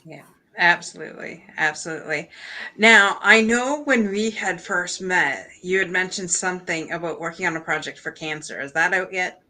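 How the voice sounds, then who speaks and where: Bright-voiced woman hosting an interview. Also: fairly low pitch, normal speed. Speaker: podcast host. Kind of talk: casual interview.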